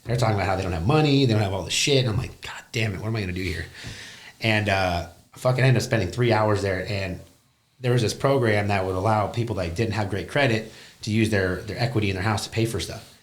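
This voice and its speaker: Young man, rapid blunt storyteller with a low voice; salty, animated podcast guest. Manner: blunt and profane, animated retelling. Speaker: business owner guest. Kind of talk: casual storytelling interview.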